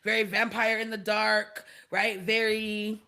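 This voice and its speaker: A woman's voice: medium pitch, level tone, a little slow, gravelly. A woman hosting a casual channeled livestream about moon cycles and leadership, who laughs often and reads out viewer comments as she talks. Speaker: host.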